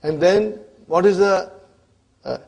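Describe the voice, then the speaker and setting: A man teaching Arabic grammar to a class in English, often stopping to ask whether the students follow, and spelling out grammar terms slowly. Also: high voice, creaky, darkish tone. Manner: checks in with students constantly, asking "huh?" and "are you with me?".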